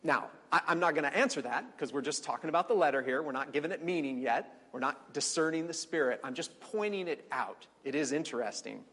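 A man teaching a conversational Bible study, chatty, with fillers and quick quoted asides. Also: on the high side, expressive, bright, forceful tone, breathy edge. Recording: long reverberant hall.

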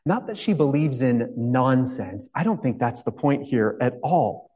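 A man's voice: mid-range voice, lively intonation, measured pace, warm tone, poor audio. A male pastor giving a reflective, conversational sermon, asking his congregation questions as he goes.

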